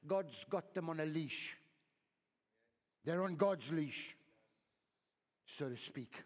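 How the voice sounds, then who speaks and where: Husky pastor preaching in a hall. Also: male voice, lively intonation, slow pace, long pauses. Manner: swings from loud, high exhortation to hushed whispers, repeating words. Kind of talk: sermon. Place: church hall. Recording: long hall reverb.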